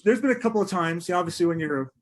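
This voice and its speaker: A podcast interview features a middle-aged sports writer telling spirited stories at a quick pace in a high voice. He laughs often and keeps starting his sentences again.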